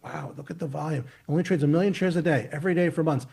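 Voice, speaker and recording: A man's voice: on the high side, quick pace, vocal fry, darkish tone, slightly rough. A man in his fifties, a guest on a video call, explaining his ideas through long, emphatic, rambling analogies with frequent restarts. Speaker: market technician, interview guest. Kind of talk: expansive storytelling explanation.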